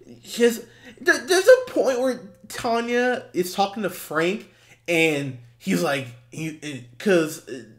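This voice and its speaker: The speaker is a male movie-podcast co-host and film reviewer, talking casually and in an exasperated way at a slow, expressive pace. He swears a lot, restarts often, and performs quotes in high, mocking voices.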